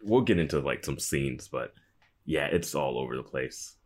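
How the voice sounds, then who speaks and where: A man from the US East Coast co-hosting a podcast, with an extremely low voice. He rambles along in casual chat, full of fillers and easy laughs. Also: animated, normal speed. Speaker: podcast co-host.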